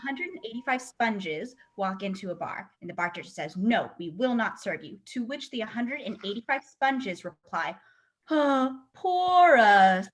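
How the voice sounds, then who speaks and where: Husky-voiced woman telling improv jokes. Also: medium pitch, expressive, moderate pace, hardly any pauses, low-quality recording. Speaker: improv performer. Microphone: video call.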